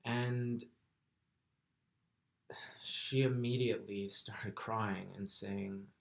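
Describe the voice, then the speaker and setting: Low, gravelly-voiced man telling a story. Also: steady tone, extremely slow. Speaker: vlogger. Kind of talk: personal storytelling.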